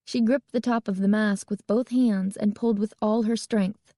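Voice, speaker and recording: A woman reading a children's horror novel aloud as narrator, in an even storytelling manner. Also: medium pitch, moderate pace, no echo, clean studio sound. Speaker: audiobook narrator. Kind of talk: scripted narration.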